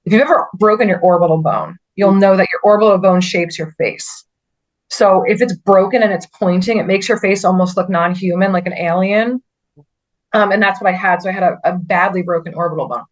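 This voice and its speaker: Earnest woman telling her story, halting. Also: mid-range voice, highs cut off. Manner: earnest, halting, with frequent restarts and "like" fillers. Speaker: podcast guest. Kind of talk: personal story in a conversational interview.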